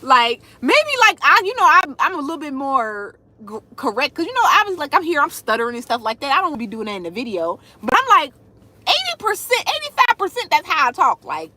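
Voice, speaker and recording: Lively high-voiced woman on a livestream. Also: brisk, no room sound. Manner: animated, talks straight to viewers, reads out comments. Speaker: food content creator. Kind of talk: casual livestream chat.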